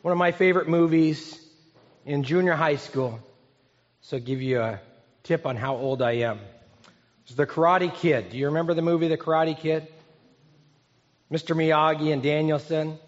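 A man in his fifties preaches with an earnest, conversational manner, turning to his listeners with questions. His voice sits a little high for a man. The sound is muffled and rings with a long hall echo. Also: moderate pace, pauses often. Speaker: pastor. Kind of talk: sermon. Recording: echoey hall, dull sound.

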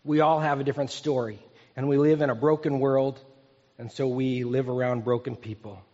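A man's voice: medium pitch, steady tone, moderate pace, darkish tone. A man in his fifties, a pastor preaching an earnest, conversational sermon that often asks the congregation questions. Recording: echoey hall, dull sound.

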